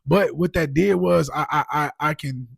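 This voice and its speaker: Guy telling his story on a podcast, pretty high voice, bit gritty, keeps saying like like like. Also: normal speed, vocal fry, breathy edge, no room sound. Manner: animated, repeats "like" and "you know what I'm saying". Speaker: podcast guest. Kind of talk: casual storytelling.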